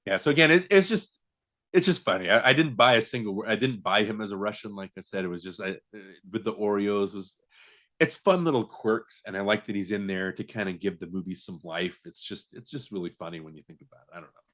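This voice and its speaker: A man's voice: fairly low pitch, lively intonation, fast talker, fairly bright tone. A man co-hosting a podcast, chatting casually about a film with many fillers, restarts and laughs. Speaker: podcast co-host. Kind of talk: casual movie chat.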